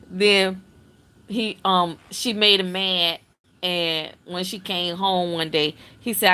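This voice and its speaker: A middle-aged woman hosting a casual livestream, telling a family story in an animated, chatty way. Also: lowish voice, slow pace, clean tone. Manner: animated, chatty, acts out family members' voices. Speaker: livestream host.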